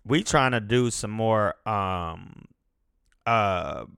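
A man's voice: fairly low pitch, drawn-out words, creaky, fairly bright tone, clean tone, no room sound, clean studio sound. A man in his thirties hosting a casual podcast, rambling, swearing freely and laughing as he goes. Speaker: podcast host. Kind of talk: casual chat.

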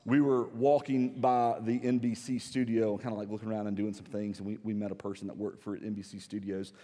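A man with a Southern accent preaching a sermon, shifting between quiet low passages and loud emphatic ones. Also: level tone, brisk, big-room sound. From South Carolina. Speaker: pastor. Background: audience laughter.

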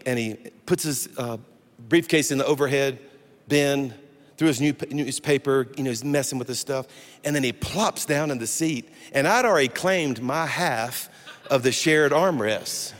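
A man preaching as a pastor, telling a funny personal story in an animated way and breaking off to restart his sentences. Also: medium pitch. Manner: animated, humorous, self-interrupting storyteller. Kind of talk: storytelling sermon. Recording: long hall reverb with faint music.

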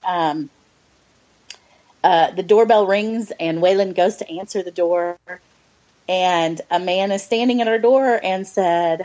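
On a podcast, a middle-aged adoptive mother tells a personal story of faith in a voice that is low, dark and unhurried. She speaks earnestly and hesitantly, with many fillers, nearly crying. The recording sounds dull and lo-fi.

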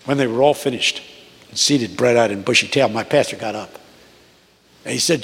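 A man in his eighties preaching a sermon to a congregation, with a rhythmic cadence that climbs to high, emphatic peaks. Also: fairly quick, fairly bright tone. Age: 80s. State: unwell. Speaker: guest preacher. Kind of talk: sermon with storytelling. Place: large church. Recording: long reverb of a large church.

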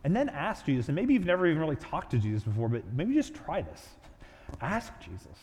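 A man's voice: a little high, sing-song, fairly quick, darkish tone. Conversational male pastor in a reverberant hall. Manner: informal, conversational, repeats phrases. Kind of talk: sermon. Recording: long reverb of a large hall.

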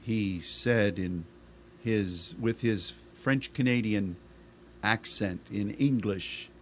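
A man's voice: on the low side, slow, fairly bright tone, slight background noise. A middle-aged male pastor preaching a sermon in a conversational style, asking rhetorical questions of the congregation.

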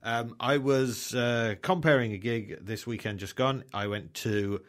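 A man's voice: mid-range voice, a little slow, fairly bright tone. A man from the hosting a radio comedy show, chatting casually with rambling, self-deprecating asides.

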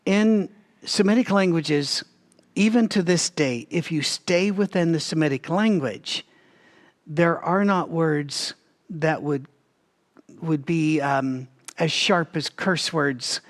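Man with a slightly high voice for a relaxed, lively Bible-study teaching read, addressing the audience directly. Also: takes it slowly. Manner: animated, talks to listeners directly, frequent restarts.

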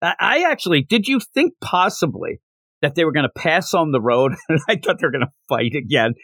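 A man hosting a casual podcast, recapping a manga chapter with jokes and frequent laughs, slipping into quick character voices. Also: fairly high pitch, breathy edge, no room sound, clean studio sound. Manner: animated, slips into character voices while retelling scenes; joking, laughs often. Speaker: podcast host.

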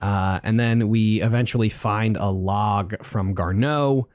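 A man's voice: lowish voice, slow pace, darkish tone, dry recording. A man co-hosting a podcast, recapping a video game in casual chat, rambling and playful, with goofy voices for the characters he quotes. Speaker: podcast co-host.

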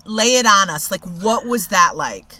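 A woman co-hosting a podcast who jumps in eagerly with lively remarks in a casual chat. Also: medium pitch, measured pace, crowd noise. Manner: animated, eager interjections. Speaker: podcast co-host.

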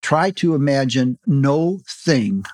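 A man, the author, reading his own novel aloud in an animated way that jumps up sharply in pitch on exclamations. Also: slow, dry recording, studio quality. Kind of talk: audiobook reading.

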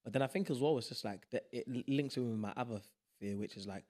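A man's voice: medium pitch, quick pace, a little mellow. A young man from South East London with a London accent, a podcast guest talking in a reflective, easygoing way with the odd joke. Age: young adult. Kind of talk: casual chat.

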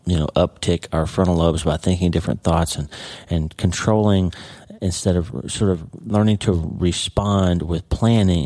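Middle-aged male podcast host, deep mellow voice, casual devotional teacher, conversational. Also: no room sound. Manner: conversational, with frequent "okay?" and "right?" tags.

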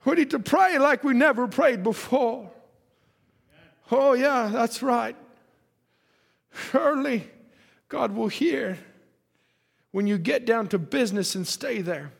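A male preacher delivering a fervent sermon, telling a story and shouting exhortations, heard with a long church reverb. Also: very high voice, takes it slowly, vocal fry, pauses often.

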